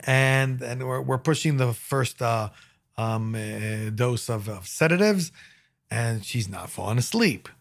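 A man, a paramedic, telling work stories in casual talk, animated and acting out what people said. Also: medium pitch, measured pace. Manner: animated storyteller, acts out quotes.

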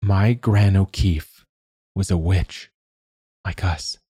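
A man's voice: low-pitched, fairly even intonation, slow, breathy edge, no echo, studio quality, full character voice. A man voicing a young witch woman who murmurs tenderly and soothingly. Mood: gentle. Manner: soft murmuring.

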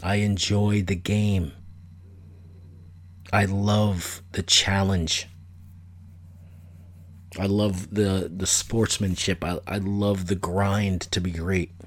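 A man's voice: low voice, flat delivery, slow, long pauses. A middle-aged man hosting a solo podcast, talking casually in a blunt, opinionated, rambling way that repeats itself. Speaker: podcast host.

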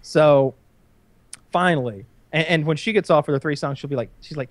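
A man's voice: on the high side, moderate pace, dry recording. A man telling a long story in casual chat, rambling and profane with frequent restarts.

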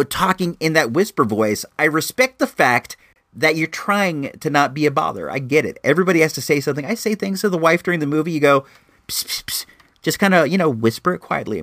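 A man's voice: mid-range voice, a bit bright, no room sound, clean studio sound. A man giving a casual, rambling spoken movie review. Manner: chatty and rambling, with lots of restarts.

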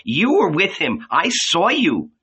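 A man voicing a second young maidservant who insists on what she saw, in a shrill, raised voice. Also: wildly swooping pitch, slow, bright, forceful tone, slightly rough, full character voice. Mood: insistent. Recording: slightly dull lo-fi recording.

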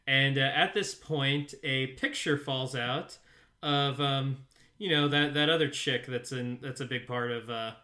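Recapping an episode at a measured pace, this podcast co-host rambles casually, using lots of fillers and laughing often. His voice sits at medium pitch with fairly even intonation and a bright, forceful tone.

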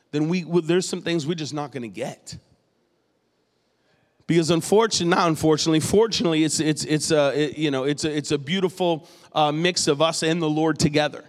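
A man from New England delivers a sermon in a high, bright voice. He talks animatedly, like a storyteller who likes a joke. His voice rings through a large hall with a long echo. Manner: animated, jokey storytelling preacher. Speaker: pastor.

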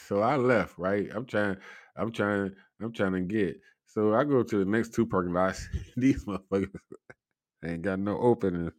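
Laughing, rambling man with low voice. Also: no room sound. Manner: laughs often through his own story; loose, rambling delivery full of fillers and profanity. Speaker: podcast host. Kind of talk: casual storytelling monologue.

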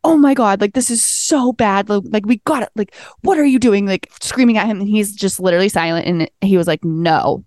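A woman's voice: mid-range voice, brisk, hardly any pauses, a little mellow, dry recording, studio quality. A young woman co-hosting a podcast, telling a story in a casual chat, acting out quotes and swearing freely. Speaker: podcast co-host.

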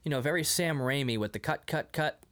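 A man's voice: mid-range voice, a little fast, fairly bright tone, smooth. A man co-hosting a casual movie podcast, acting out scenes in voices and laughing often. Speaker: podcast co-host.

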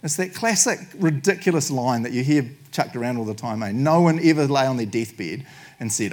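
A man's voice: fairly high pitch, moderate pace. A man preaching a sermon to a congregation, joking and laughing often. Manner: jokey, animated, laughs often. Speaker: pastor.

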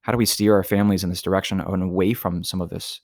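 A man talks on a podcast in an earnest, rambling, thoughtful way. His voice is very deep. The sound is dry and close. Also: level tone, fast talker, a little mellow, no echo. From Southern Alabama, US. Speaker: podcast co-host. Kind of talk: casual podcast chat.

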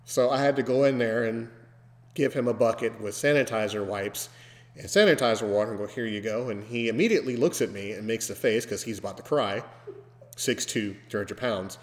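A man hosting a podcast, telling a story casually and breaking into loud, animated mimicry of screams. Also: fairly low pitch, fairly quick. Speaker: podcast host. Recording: long hall reverb.

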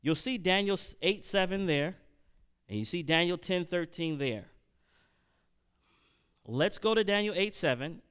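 Smooth-voiced preacher man, fast and rising. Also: sits high, animated, fairly bright tone. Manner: reads scripture slowly, then preaches fast with questions to the congregation. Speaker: preacher leading Bible study. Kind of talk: sermon-style Bible teaching.

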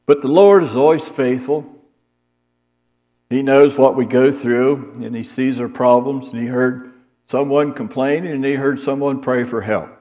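A man delivers an evening sermon at an unhurried, deliberate pace, reading scripture aloud and talking it over in a plain, homely way. His voice carries a long reverb from a church hall. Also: mid-range voice, darkish tone. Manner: slow, homely preaching with Bible reading. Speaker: preacher.

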